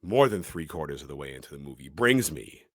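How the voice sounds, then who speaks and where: A man's voice: very deep voice, sing-song, fairly quick, fairly bright tone, dry recording, clean studio sound. A man co-hosting a podcast, telling a horror film's plot as a dramatic recap. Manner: dramatic storytelling recap with quoted lines. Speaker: podcast co-host.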